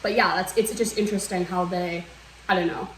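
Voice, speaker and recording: A woman's voice: fairly low pitch, steady tone, a little fast. A young woman co-hosting a podcast in casual chat, bubbly and rambling with lots of fillers, recorded at home. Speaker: podcast co-host. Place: apartment room. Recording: roomy echo, distant mic, faint noise.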